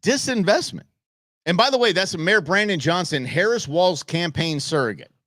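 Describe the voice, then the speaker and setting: A male political talk host, combative and sarcastic as he picks apart campaign clips. His delivery swoops up and down with lively, animated pitch, and the sound is dry and close with no room around it. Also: normal speed, dry recording. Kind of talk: live political commentary.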